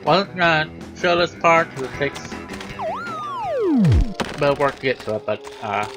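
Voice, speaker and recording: A man's voice: a little high, lively intonation, normal speed. A man giving casual, meandering commentary while playing a video game, sometimes mumbling and talking with his mouth full. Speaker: let's-play gamer. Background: game music.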